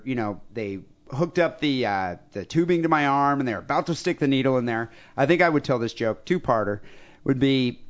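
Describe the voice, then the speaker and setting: A man co-hosting a comedy podcast in casual chat, blunt and crude, rambling a little as he talks. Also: mid-range voice. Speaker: podcast co-host. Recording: dull lo-fi podcast audio.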